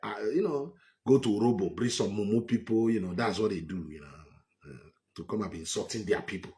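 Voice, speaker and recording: A man's voice: fairly low pitch, fairly quick, darkish tone. Emphatic Nigerian-accented man ranting. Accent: Nigerian English. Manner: repetitive, emphatic, scornful. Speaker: political commentator. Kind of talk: heated political monologue.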